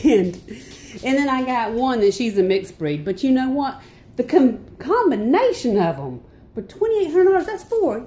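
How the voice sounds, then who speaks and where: A woman from North Carolina with a Southern accent, telling a story in a casual vlog and ranting with loud exclamations. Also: a little hiss or hum. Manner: animated, exclamatory, swings into high outbursts. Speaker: vlogger.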